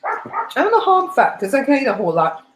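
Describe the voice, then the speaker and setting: A woman's voice: high-pitched, big pitch swings, quick pace, slight background noise. Chatty woman storyteller, roomy laptop sound. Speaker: host. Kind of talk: casual chat while eating on a livestream. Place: home. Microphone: laptop mic. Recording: roomy home room on laptop mic.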